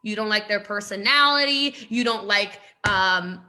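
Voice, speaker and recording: Speaking at a measured pace in a mid-range voice with a sharp tone, a woman network marketing coach gives a motivational live-stream talk. She is emphatic, repeating lines for punch and leaning on rhetorical questions.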